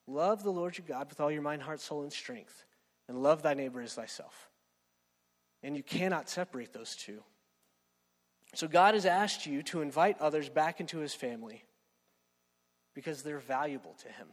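A man's voice: fairly high pitch, normal speed, pauses often, big-room sound. A man preaching a sermon in a conversational storytelling way, often checking in with "right?". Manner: conversational, keeps asking "right?".

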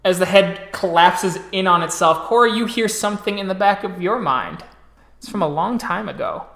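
A man narrating a tabletop game as storyteller, describing scenes slowly and restarting phrases as he goes. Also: sits high, creaky, fairly bright tone, reverberant.

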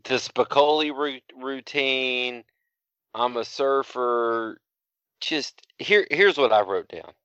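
A man's voice: medium pitch, takes it slowly, fairly bright tone, smooth, no echo, muffled recording. A man hosting a casual podcast, blunt and sarcastic. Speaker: podcast host. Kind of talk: casual chat.

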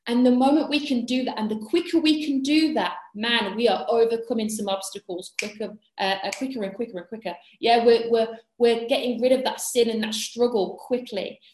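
A woman giving an earnest devotional talk to young people, often checking in with a quick "yeah?". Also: a little high, steady tone, darkish tone, slight background noise. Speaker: youth speaker. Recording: echoey room.

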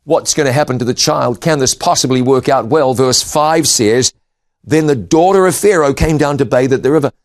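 A man preaching a sermon, reading scripture aloud and retelling it with lively rises and drops in pitch and volume. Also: moderate pace. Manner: expressive Bible reading with shifting pitch and volume.

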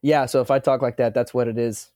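A man co-hosting a casual podcast, telling chatty, animated stories. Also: medium pitch, quick pace, no echo, clean studio sound. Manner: chatty storyteller, animated asides. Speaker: podcast co-host.

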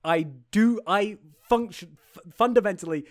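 A man with a somewhat high voice co-hosts a relaxed film discussion. He rambles, restarts his sentences and argues his opinions at length. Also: normal speed. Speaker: podcast co-host. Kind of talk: casual film review chat.

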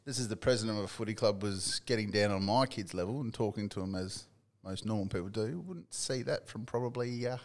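A man's voice: lowish voice, brisk, few pauses, a little hiss or hum. A middle-aged Australian man in casual sports chat, laid-back, swearing freely and laughing often. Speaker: podcast co-host.

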